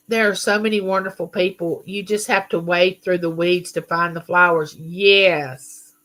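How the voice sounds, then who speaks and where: A woman's voice: fairly low pitch, steady tone, takes it slowly, a bit bright. A middle-aged woman hosting a live chat, greeting viewers and reading their comments aloud. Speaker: livestream host.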